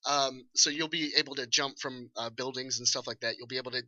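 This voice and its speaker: A man casually reviewing a video game with a co-host, animated, laughing and swearing as he talks. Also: mid-range voice, a little fast, no room sound, dull audio. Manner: animated, swearing, laughing, acts out enemy shouts.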